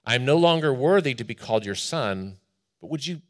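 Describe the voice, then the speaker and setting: A man's voice: mid-range voice, animated, moderate pace, close to an everyday voice. A man voicing a repentant younger son who pleads through a rehearsed confession. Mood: pleading.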